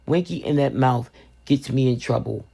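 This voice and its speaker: A woman vlogger telling a funny family story in a casual storytime style, animated and expressive. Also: extremely low pitch, normal speed, vocal fry, husky. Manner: animated, expressive, laughs often. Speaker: vlogger, resin crafter.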